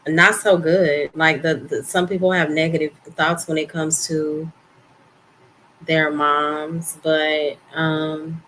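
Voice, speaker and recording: A young woman with a fairly low voice chats casually on a podcast. She sounds earnest and expressive and keeps dropping "like" and "you know". A faint hiss sits under her voice. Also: slow, rough recording. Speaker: podcast co-host. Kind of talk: casual chat. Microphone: studio microphone, podcast setup.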